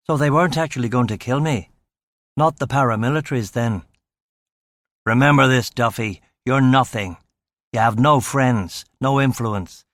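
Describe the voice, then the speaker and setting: A man's voice: medium pitch, no room sound, studio quality. A man narrating a first-person crime novel in clipped, terse fragments. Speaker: audiobook narrator.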